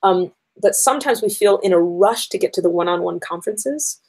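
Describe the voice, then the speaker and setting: A woman's voice: medium pitch, brisk, breathy edge, poor audio. A woman educator giving a conversational conference talk to teachers, explaining her points step by step with frequent ums.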